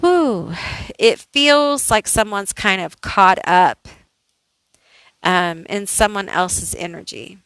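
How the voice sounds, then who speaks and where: Woman tarot reader, casual and unhurried, talks it through with lots of "like"s, dry recording. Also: mid-range voice, expressive, fairly bright tone, clear, resonant tone, no room sound, poor audio. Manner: slow, thinking aloud, chatty with many "like"s. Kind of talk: casual pick-a-card tarot reading.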